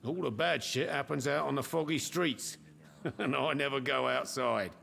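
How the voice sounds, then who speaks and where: A gruff barkeeper for a game. His voice is gravelly, and he talks in a blunt, folksy way, mid-pitched and plain. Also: moderate pace, sharp tone. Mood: gruff, chatty. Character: male barkeeper, chatty and gruff.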